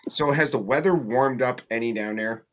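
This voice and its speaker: A co-host on a group livestream, calmly steering the conversation. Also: medium pitch, normal speed, highs cut off. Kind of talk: casual group chat on a video call.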